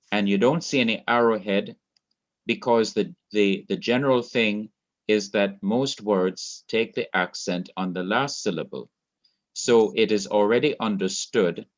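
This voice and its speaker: A low-voiced man with a Jamaican accent teaches grammar over an online class, taking his time and saying each rule twice so it sinks in. The audio is dull and lo-fi. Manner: slow, repeats key rules for emphasis. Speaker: Hebrew teacher.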